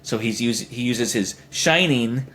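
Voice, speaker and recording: A man's voice: medium pitch, unhurried, fairly bright tone, slight background noise. A young man co-hosting a podcast, chatting casually and rambling through jokey ideas. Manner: rambling, jokey, puts on silly voices. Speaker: podcast co-host. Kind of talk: casual chat.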